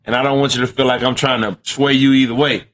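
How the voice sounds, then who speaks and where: A man's voice: medium pitch, little pitch movement, quick pace, fairly bright tone, slight background noise. A man in casual podcast chat who speaks earnestly and reflectively in short, punchy phrases.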